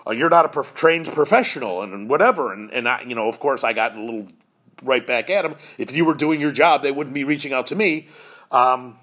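Brisk and a bit bright, with a mid-range voice, a podcast host in his fifties relates a personal story full of emotion. He speaks earnestly and from the heart, occasionally getting choked up.

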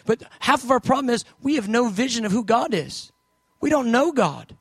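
A man preaching a sermon, moving from shouted urgency to hushed, low storytelling as he acts out prayers and replies. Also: expressive, fast talker, no echo.

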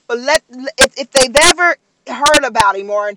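Impassioned high-voiced preacher with whooping shouts. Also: moderate pace. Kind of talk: sermon. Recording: loud background noise, vehicle sounds.

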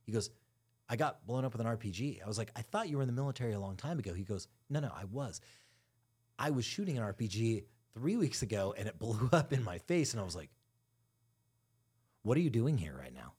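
A man's voice: medium pitch, animated, fast talker, darkish tone, husky. A man co-hosting a podcast, telling a candid, profane story in casual chat and acting out the quotes. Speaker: podcast co-host.

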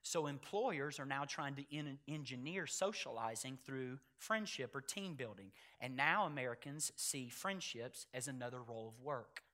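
A man preaching a sermon to his church, repeating key phrases for emphasis and building from quiet explanation to loud, emphatic delivery. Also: medium pitch, animated, normal speed, few pauses. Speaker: pastor.

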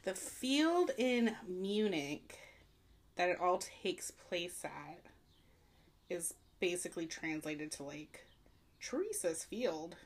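A woman co-hosting a casual chat, relaxed and rambling, with lots of fillers and casual swearing. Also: fairly low pitch, takes it slowly. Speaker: podcast co-host.

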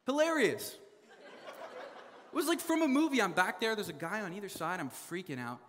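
A young man from Canada telling a funny story in a sermon, animated, laughing often and full of fillers. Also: sits high, normal speed, long reverb tail, slight background noise. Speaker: preacher.

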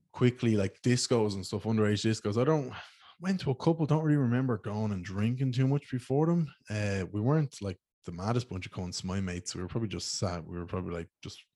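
Deep-voiced Irish man rambling with slang. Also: a little mellow, no echo. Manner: rambling, slangy, swears freely. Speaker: podcast host. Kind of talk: casual storytelling monologue.

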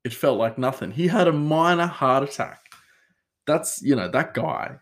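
A man's voice: fairly high pitch, normal speed. A man hosting a podcast alone, rambling casually with many fillers and self-corrections. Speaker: podcast host. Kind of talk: casual solo chat.

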